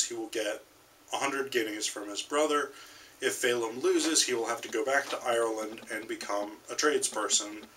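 A man's voice: mid-range voice, pushed and bright, far from the mic, a little hiss or hum, low-quality recording. A man giving a video lecture on a short story, talking hesitantly with many ums and restarts.

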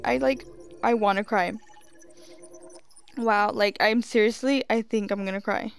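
A young woman giving excitable let's-play commentary, gasping and repeating herself. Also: mid-range voice, unhurried, gravelly, smooth. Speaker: gaming streamer.

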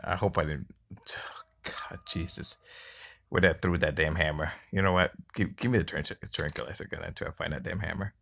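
A man with a low, deep voice talks through a mobile game he is playing, in loose, casual commentary. He sounds exasperated, grumbles and curses at the game, and now and then mocks the enemy. It is picked up on a phone microphone. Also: fairly even intonation, fast talker, creaky, a bit bright. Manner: taunts the game enemy mockingly. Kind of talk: casual let's-play commentary. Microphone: phone screen-recorder mic.

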